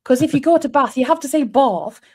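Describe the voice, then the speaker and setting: A woman's voice: high-pitched, fairly even intonation, racing. A woman in her forties from North East England, chatting casually with viewers and laughing often on a live stream. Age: 40s. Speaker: livestream co-host. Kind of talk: casual livestream chat with viewers.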